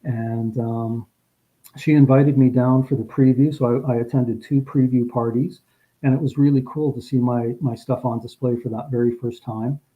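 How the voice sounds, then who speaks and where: A man's voice: medium pitch, fairly even intonation, moderate pace. A man casually recounting a personal story, rambling with frequent restarts and growing emotional as he remembers. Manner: rambling, repeats words and restarts often; gets emotional recalling the story. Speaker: guest. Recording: dull lo-fi audio.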